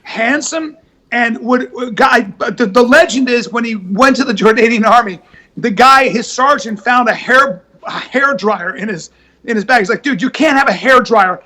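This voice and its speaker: A man guesting on a podcast over a video call, telling stories in an animated rush. His voice sits very high and bright, and he keeps restarting his sentences. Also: moderate pace. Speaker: guest comedian. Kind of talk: casual podcast chat.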